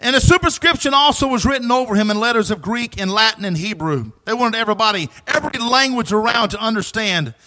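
High, bright-voiced male preacher. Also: expressive, quick pace, hardly any pauses, a little hiss or hum, rough recording. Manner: emphatic preaching, repeats phrases, swings from loud to hushed; asks the congregation for responses. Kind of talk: sermon.

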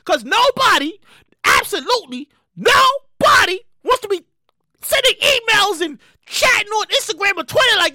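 A woman hosting her own show, ranting in a loud, profane, animated way with sudden shouted bursts. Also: very high voice, moderate pace, no room sound, clean studio sound. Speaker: show host. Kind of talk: solo comedic rant.

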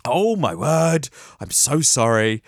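A man's voice: medium pitch, sing-song, slow, no room sound, studio quality. A man hosting a podcast, giving theatrical, sarcastic solo commentary on tech news. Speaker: podcast host.

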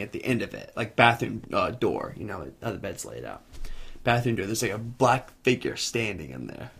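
Lively, laughing man telling a story. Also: fairly low pitch, vocal fry, breathy edge. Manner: animated, laughs through his own story. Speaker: podcast co-host. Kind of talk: casual chat, storytelling. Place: video podcast set.

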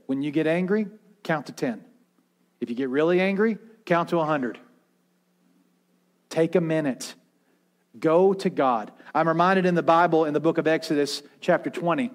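A man pastor preaching a sermon, swinging from intense raised passages to hushed quiet ones and acting out voices as he retells. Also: on the high side, moderate pace, pauses often. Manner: preaching with rising intensity and dramatic quiet drops; acts out quoted voices in his retelling.

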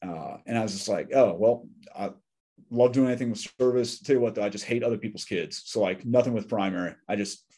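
A man's voice: lowish voice, a little fast, warm tone, slightly rough. A middle-aged man telling candid, joking stories as a podcast guest. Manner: candid and joking, with wry asides. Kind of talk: casual conversational storytelling.

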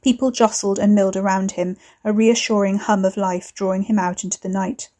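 Woman narrator, audiobook fiction, mellow, steady, measured. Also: mid-range voice. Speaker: author and reader.

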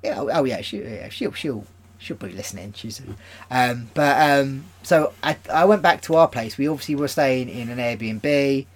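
A man's voice: mid-range voice, moderate pace. A young man co-hosting a podcast, telling stories in casual chat, laughing often and using lots of fillers. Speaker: podcast co-host.

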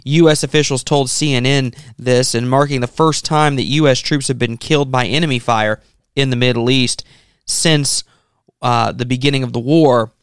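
A man hosting a talk show, reading news items in a measured way. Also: mid-range voice, fairly even intonation, clean tone, no room sound, studio quality. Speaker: host.

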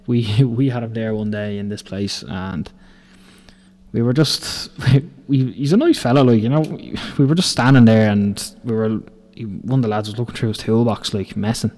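A man's voice: on the low side, steady tone, normal speed, a little mellow. A young Irish man in his twenties hosting a podcast, telling rambling, profane stories from building sites and laughing through them. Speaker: podcast host. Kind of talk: casual storytelling.

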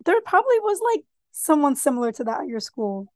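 A woman with a high voice co-hosts a casual podcast. She asks leading questions and chimes in with short reactions. The sound is dry and close. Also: very animated, a little fast, dry recording. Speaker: podcast co-host. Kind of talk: casual chat.

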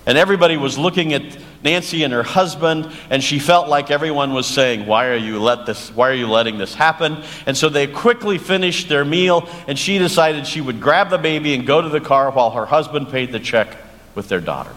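A man, a pastor, preaching a sermon in a slow, earnest storytelling manner and leading a prayer. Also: on the high side, fairly bright tone. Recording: long church reverb, faint noise.

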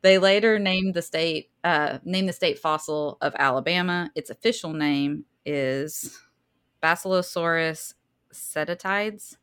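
A woman's voice: deep voice, unhurried, a bit bright, smooth. A woman with a Southern accent, co-hosting a podcast and chatting casually while reading out research, laughing easily and stumbling over hard words. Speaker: podcast co-host.

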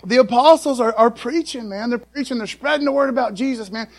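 High-voiced casual preacher man. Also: a little fast. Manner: casual, folksy preaching with many asides. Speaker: pastor. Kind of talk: sermon.

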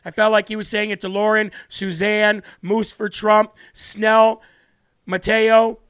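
A man's voice: sits high, flat delivery, measured pace, a bit bright, clean tone. A man hosting a live stream, giving earnest, repetitive political commentary while tearing up. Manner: earnest, repetitive, tearful emphasis. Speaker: livestream host.

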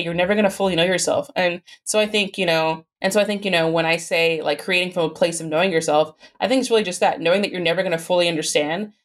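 A woman in her thirties speaks as a podcast guest in a low, deep voice. Her manner is casual and enthusiastic, with many "like"s. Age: 30s. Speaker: guest, content creator. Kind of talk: podcast interview.

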